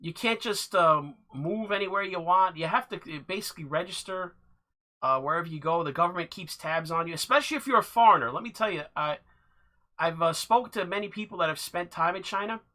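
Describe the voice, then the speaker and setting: A man giving casual commentary over clips, halting and restarting with dry laughs. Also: high-pitched, expressive, pushed and bright.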